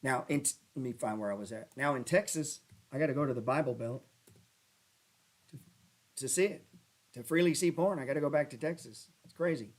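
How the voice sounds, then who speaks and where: A man hosting a casual stock trading show, rambling and cursing as he talks through charts and breaks into loud rants. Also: medium pitch, fairly quick, long pauses. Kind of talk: casual livestream chat over stock charts. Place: lives in New Orleans.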